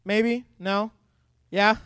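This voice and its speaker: A young man in the role of youth pastor, giving an animated Bible talk to a youth group, full of jokes and acted-out voices. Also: high-pitched, drawn-out words, clean tone, no echo, studio quality.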